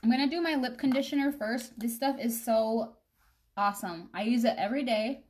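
A woman's voice: fairly high pitch, a little fast, darkish tone. A young woman chatting casually on a live makeup stream, rambling and addressing her viewers directly. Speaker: makeup vlogger.

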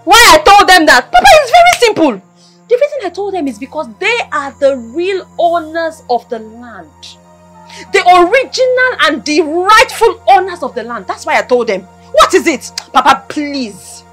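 A woman's voice: very high-pitched, big pitch swings, moderate pace, fairly bright tone, faint music behind, heavily acted. An actress with a Nigerian accent playing a defiant young woman who boldly stands up to her father. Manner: defiant, taunting. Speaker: daughter confronting her father. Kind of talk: Nollywood drama acting.

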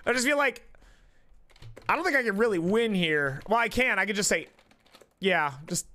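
Man, live streamer, casual chat, high voice, bright tone, rambling, profane, restarts mid-sentence. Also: expressive, normal speed, long pauses. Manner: rambling, profane, self-interrupting.

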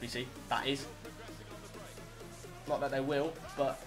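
A young man giving excitable live commentary over his own gameplay, swearing and shouting at the game. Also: mid-range voice, takes it slowly, soft background music. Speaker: gaming YouTuber.

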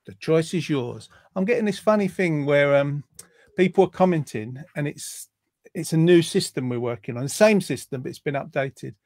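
A male host with a fairly high, light, expressive voice and a darkish tone chats through a casual quiz, reading viewer comments at normal speed. He's dry, jokey and rambling, with lots of ums, and the recording is dry.

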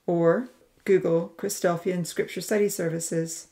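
A woman with a slightly low voice reads closing notes in a slow, measured way. Her delivery is scripted and steady, like an audiobook narrator. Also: creaky.

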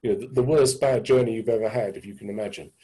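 An English man in his sixties telling his story thoughtfully over a video call, halting with many restarts. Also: fairly low pitch, warm tone, low-quality recording. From England. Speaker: guest speaker. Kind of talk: reflective storytelling talk. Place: indoor room with a door behind.

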